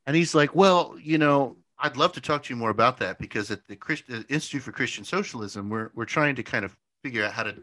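Lively, bright-voiced young man telling a story. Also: mid-range voice, fast talker, hardly any pauses. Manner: animated, frequent restarts and "like" fillers, casual swearing. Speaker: podcast co-host. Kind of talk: casual storytelling chat.

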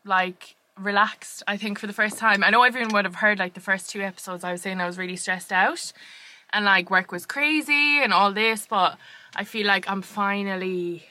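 A woman co-hosts a podcast, telling stories in casual chat with lots of laughter and many fillers, chatty and fast. Her voice is medium-pitched with a sharp tone.

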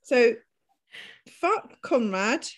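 A woman's voice: on the high side, very animated, drawn-out words. A woman in casual chat, giggly and exclamatory.

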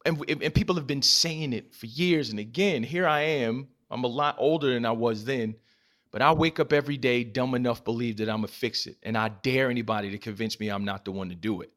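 A man's voice: mid-range voice, brisk, a bit bright. A man speaking as a podcast guest and advocate, telling personal stories in an earnest, emphatic way and repeating phrases for stress. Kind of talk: impassioned personal storytelling.

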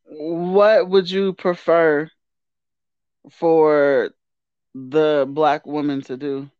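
A woman's voice: sits low, steady tone, extremely slow, clear, resonant tone, no echo. Emphatic, self-assured woman on a dull line. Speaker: guest. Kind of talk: casual podcast debate.

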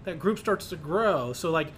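Jokey bright-voiced male host. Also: a little high, normal speed, a little hiss or hum. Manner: jokey, animated, acts out quotes. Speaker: podcast host. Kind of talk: casual interview chat.

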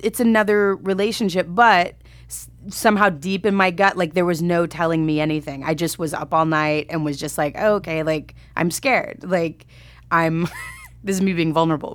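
A woman's voice: deep voice, dry recording. A woman casually telling a story in conversation, chatty and self-deprecating, with many fillers and laughs. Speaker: comedy writer telling a story.

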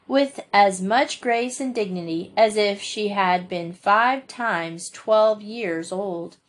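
Woman reading a classic novel aloud. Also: medium pitch. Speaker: audiobook narrator. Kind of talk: audiobook reading.

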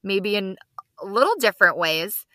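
A woman's voice: mid-range voice, animated, moderate pace, pushed and bright, dry recording. A woman co-hosting a podcast, chatting in an effusive, upbeat way with her friend. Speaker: podcast co-host. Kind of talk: casual podcast chat.

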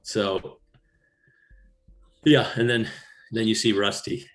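A man's voice: fairly low pitch, steady tone, slow pace, fairly bright tone. A man host chatting casually, retelling film scenes in a rambling way with restarts. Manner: rambling retelling with many restarts, laughs easily. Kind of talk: casual film recap chat.

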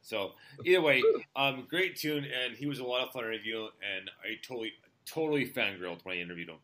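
A man's voice: mid-range voice, quick pace, bright, forceful tone. A man hosting a music radio show, chatting casually with a rambling, laid-back manner and plenty of fillers. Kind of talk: casual chat.

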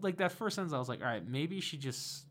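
A young man, a guest DJ in a radio studio, telling a story in casual chat, animated and rambling with lots of fillers. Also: on the high side, fairly quick.

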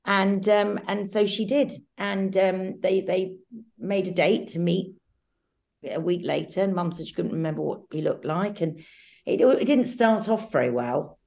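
A middle-aged woman from England, a guest who talks warmly and reflectively in an interview, hesitating with ums and restarts. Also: mid-range voice, a little slow, gravelly.

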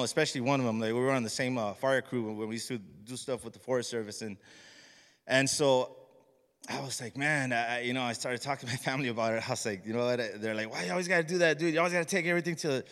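A man's voice: medium pitch, a bit bright. A man sharing a personal testimony with his church, casual and rambling, full of restarts and slang. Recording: long hall reverb.

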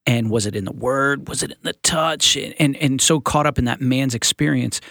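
A man co-hosting a casual podcast, speaking in an animated, teaching way. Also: mid-range voice, normal speed, vocal fry, no echo, clean studio sound. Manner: animated, laughs often, teaching tone. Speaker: podcast co-host.

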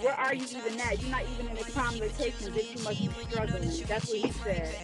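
A woman's voice: on the high side, steady tone, fairly quick, over loud music. A woman guest on a casual podcast, indignant and profane as she reads messages aloud.

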